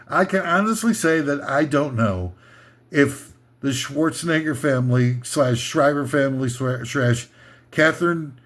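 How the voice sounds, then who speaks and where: Man with a slow, rambling comic rant. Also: on the high side. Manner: rambling, crude, sarcastic. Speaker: comedy commentator. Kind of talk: irreverent comedic rant.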